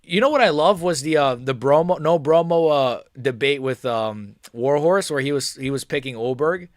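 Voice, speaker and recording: A young man hosting a live fight watch-along stream, reacting casually and swinging between nervous mumbling and excited shouting. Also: a little high, normal speed, dry recording, clean studio sound.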